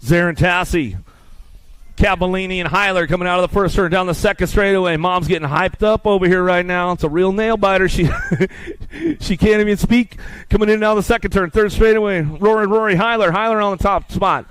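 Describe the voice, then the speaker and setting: A man's voice: high voice, a bit bright, smooth, no echo. Upbeat man calling races. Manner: rapid play-by-play, banters with crowd. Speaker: race announcer. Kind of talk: live race commentary.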